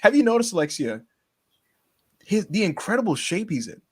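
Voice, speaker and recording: A man co-hosting a casual podcast, excitable and teasing, laughing often as he talks. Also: high voice, brisk, slightly rough. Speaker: podcast co-host.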